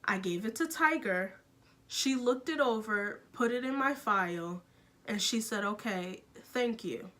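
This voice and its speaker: A woman's voice: on the high side, expressive, unhurried, fairly bright tone. A young woman telling a storytime vlog, frank and exasperated, with sudden bursts of speed. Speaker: vlogger.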